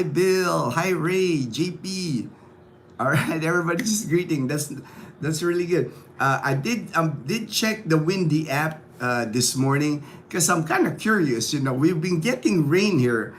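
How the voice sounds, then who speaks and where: A man's voice: fairly high pitch, a bit bright, slight background noise. A man hosting a casual morning livestream, upbeat and chatty, greeting viewers by name between stories. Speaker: livestream host. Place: home in a provincial town.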